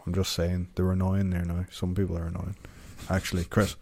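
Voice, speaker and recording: A man's voice: low voice, monotone, a little fast, a little mellow, a little hiss or hum. A young man, co-hosting a casual podcast chat, rambling and swearing freely as he talks. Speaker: podcast co-host.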